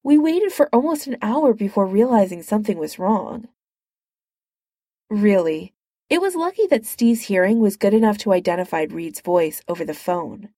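A woman's voice: mid-range voice, expressive, normal speed, dark tone, dry recording, clean studio sound. A woman narrating fan fiction in a light, amused reading style.

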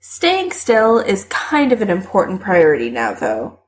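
Woman reading a story out loud, expressive, takes her time. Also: mid-range voice, unhurried, few pauses. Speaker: audiobook narrator. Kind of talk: reading fiction aloud.

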